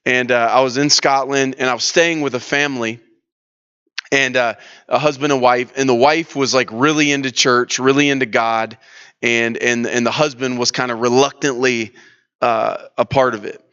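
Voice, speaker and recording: A man's voice: medium pitch, steady tone, moderate pace, a bit bright, clean tone, muffled recording. A man leading a church leadership workshop, talking in a casual, storytelling way with lots of restarts and fillers. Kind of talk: conversational teaching session.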